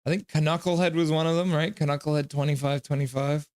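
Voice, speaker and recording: A man's voice: on the high side, steady tone, fairly quick, darkish tone, smooth, no echo. A man hosting a live stream, chatting casually, reading out chat messages and calling the game play by play. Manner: rambling, reads chat messages aloud. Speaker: livestream host.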